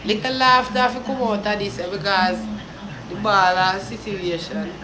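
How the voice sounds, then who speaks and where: A young woman with a Jamaican accent ranting in heated, cursing commentary, swinging from low sorrow to shouting. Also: steady tone, moderate pace, roomy sound, a crowd in the background. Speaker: vlogger.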